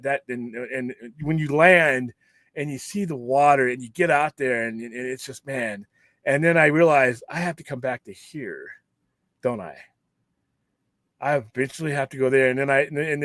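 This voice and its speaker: A man's voice: mid-range voice, no room sound, clean studio sound. A man from Southern California hosting a casual live stream, talking in a rambling, jokey way with plenty of swearing and restarts. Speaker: streamer host.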